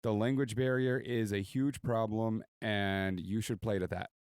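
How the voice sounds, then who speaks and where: A man's voice: fairly low pitch, fairly even intonation, a little slow, darkish tone, clear, resonant tone, no room sound, clean studio sound. A man hosting a podcast, summing up the talk into plain practical advice. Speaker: podcast host. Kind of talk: casual podcast chat.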